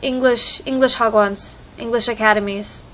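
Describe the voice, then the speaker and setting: A woman's voice: a little high, steady tone, moderate pace, a bit bright, a little hiss or hum. A young American woman chatting casually in a vlog, rambling with lots of fillers, recorded on a phone. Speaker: vlogger. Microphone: phone microphone.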